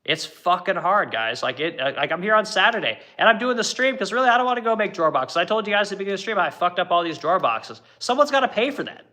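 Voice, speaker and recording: Middle-aged shop owner, rather high voice with a sharp, forceful edge, swears a lot and goes on rants to his stream viewers. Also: very animated, fast, few pauses. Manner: blunt, profane, ranting. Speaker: furniture business owner. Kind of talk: livestream chat with viewers.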